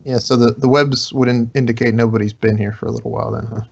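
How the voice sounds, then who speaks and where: A man's voice: mid-range voice, steady tone, fast, creaky, a little mellow, highs cut off, slight background noise. A man playing a tabletop game, joking and asking curious questions. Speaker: player.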